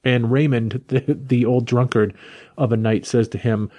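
A man's voice: medium pitch, fairly even intonation, unhurried, darkish tone. A man casually recapping a comic book plot in a rambling way, with frequent restarts.

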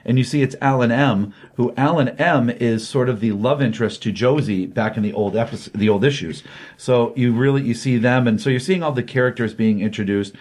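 A man's voice: medium pitch, fairly quick, a little mellow. A man giving a casual, rambling recap of a comic book issue, full of ums and you-knows.

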